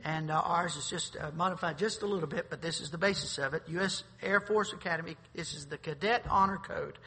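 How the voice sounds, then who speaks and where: A man pastor preaching a sermon, swinging between loud bursts and quiet asides. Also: fairly high pitch, fairly quick, few pauses, husky. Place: church sanctuary. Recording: long reverb of a large hall.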